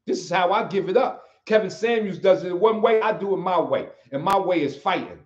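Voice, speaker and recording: Speaking fairly quickly in a high-pitched voice, this U.S. livestream host and martial arts instructor preaches motivation emphatically, hammering the same key phrases again and again. The recording sounds roomy and a bit dull.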